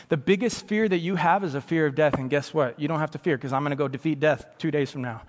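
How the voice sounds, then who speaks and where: A man preaching in a church sanctuary, his voice sitting a little on the high side. His delivery is conversational and moves from quiet, intimate stretches to loud, emphatic peaks. A long reverb hangs on his words. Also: fast, few pauses. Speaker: pastor. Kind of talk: sermon.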